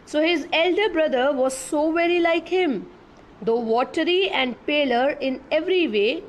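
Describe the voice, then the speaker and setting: A woman's voice: high-pitched, a little hiss or hum, poor audio. A woman English teacher giving an online class from home, reading a story aloud and patiently explaining words to the children. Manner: slow, patient explaining, often asks the children questions.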